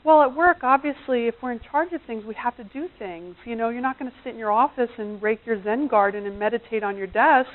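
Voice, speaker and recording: A woman's voice: on the high side, brisk, hardly any pauses. A middle-aged woman coach giving a chatty seminar talk on relationships, often acting out the voices of people she quotes. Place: seminar room. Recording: tinny phone-like recording.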